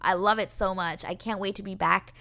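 A woman hosts a podcast on a podcast microphone, recapping a show episode in an emotional, gushing, rambling way full of fillers. Her medium-pitched voice is steady and sharp with vocal fry, and she talks fairly quickly.

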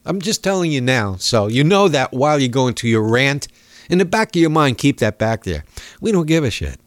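A man's voice: medium pitch, very animated, moderate pace, no echo, studio quality. A man hosting a talk radio show, ranting sarcastically and chuckling as he rambles. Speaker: radio host.

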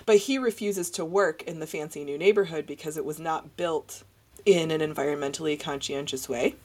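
A woman's voice: deep voice, a little fast, a little mellow. A woman co-hosting a book podcast, talking casually in a rambling, gushing way with many fillers. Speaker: podcast co-host. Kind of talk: casual chat.

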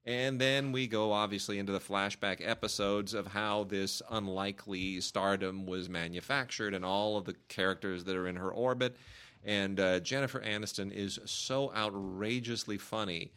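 A man's voice: on the low side, steady tone, a bit bright, clean tone. A man co-hosting a casual film review podcast, talking enthusiastically and arguing his opinions. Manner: enthusiastic, argumentative, speeds up and slows down. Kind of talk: casual chat reviewing films.

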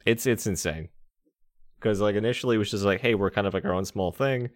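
Deep-voiced man with wry jokes. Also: brisk, dry recording, clean studio sound. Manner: joking, wry asides. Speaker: podcast co-host. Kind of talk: casual chat.

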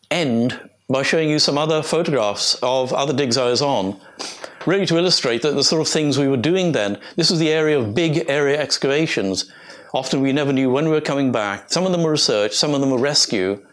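An older man from England, an archaeologist giving an informal illustrated talk, rambling and chatty with many fillers and restarts. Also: medium pitch.

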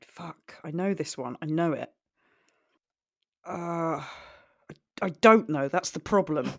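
A woman's voice: low-pitched, slow pace, vocal fry, fairly bright tone. A woman co-hosting a casual podcast, swearing and thinking aloud as she guesses song lyrics. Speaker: podcast co-host. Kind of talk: casual chat, quiz game.

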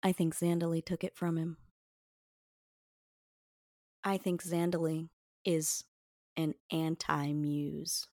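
A woman's voice: low-pitched, flat delivery, slow, pauses often, a little mellow, no room sound. Wry woman co-host, dry mic. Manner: wry, amused, theorizing. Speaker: podcast co-host. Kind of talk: casual chat.

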